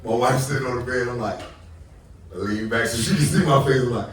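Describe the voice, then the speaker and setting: A comedian telling stories in casual stage chat, animated and laughing often. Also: male voice, mid-range voice, brisk, a little hiss or hum. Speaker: comedian on a live stage talk. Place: theater with live audience. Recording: roomy theater sound from a distant mic, audience.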